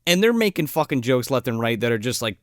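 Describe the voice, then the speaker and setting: Animated, swearing man recapping a movie. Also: medium pitch, fast talker, no room sound, clean studio sound. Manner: profane, animated retelling of scenes with quoted voices. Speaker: podcast co-host. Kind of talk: casual movie review chat.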